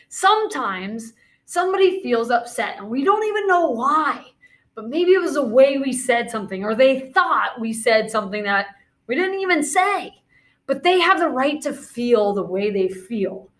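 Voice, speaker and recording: A woman's voice: sits high, a bit bright. Upbeat woman teacher giving a lesson. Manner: encouraging, calls out movement commands. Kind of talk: classroom video lesson with movement breaks.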